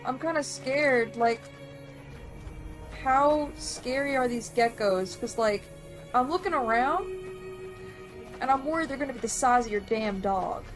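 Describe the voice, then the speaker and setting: A young woman talks over gameplay in a high voice and an unhurried drawl. She gets flustered and panicky, swears, and mocks her own lack of skill, with faint music under her voice. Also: lively intonation. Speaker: let's play gamer. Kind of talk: casual gameplay commentary.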